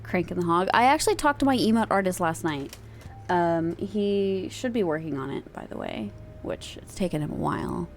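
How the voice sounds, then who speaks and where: A woman's voice: lowish voice, expressive, normal speed. Chatty woman streamer, faint music. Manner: chatty, rambling, laughs easily. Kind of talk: casual chat.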